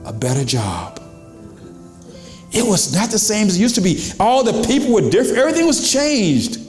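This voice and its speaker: A man's voice: high voice, wildly swooping pitch, moderate pace, a little mellow, reverberant, faint music behind. A pastor preaching to his congregation in a church, in a conversational style with questions to the crowd and quoted voices. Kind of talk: sermon. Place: church sanctuary.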